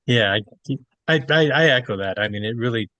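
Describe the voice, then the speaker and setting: A man hosting a podcast, talking reflectively and haltingly in a casual conversation. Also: mid-range voice, expressive, sharp tone, no room sound. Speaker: podcast host.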